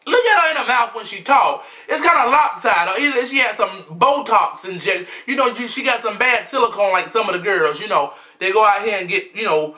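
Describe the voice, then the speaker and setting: A man's voice: high voice, animated, a little fast, few pauses, sharp tone. A man giving a sassy, flamboyant, blunt gossip commentary as a vlogger, recording himself at home. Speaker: vlogger recapping a reality show. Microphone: camera mic, self-recorded.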